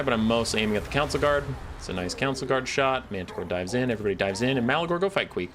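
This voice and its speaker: A man's voice: medium pitch, lively intonation, rapid-fire, hardly any pauses, background noise. A man streaming a strategy game, giving casual running commentary on his moves, playful and self-deprecating. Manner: playful, mock-scolding asides, self-deprecating. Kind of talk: casual live gameplay commentary.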